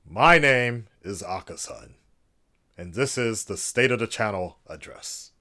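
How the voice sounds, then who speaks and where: A man's voice: on the low side, animated, measured pace, pushed and bright, heavily acted. A man putting on a pompous head of state. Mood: mock solemn. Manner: solemn, stately, over-formal. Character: pompous male head-of-state giving a formal address. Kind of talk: mock formal address.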